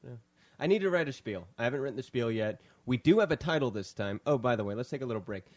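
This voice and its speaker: A man's voice: mid-range voice, lively intonation, fast talker. A man hosting a casual film review podcast, rambling and joking with lots of restarts. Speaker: podcast host.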